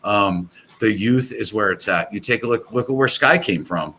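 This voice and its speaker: A man's voice: fairly low pitch, normal speed, sharp tone, slight background noise, low-quality recording. A man talking as a guest on a casual podcast, rambling and enthusiastic with many restarts. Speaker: guest, pool products company owner.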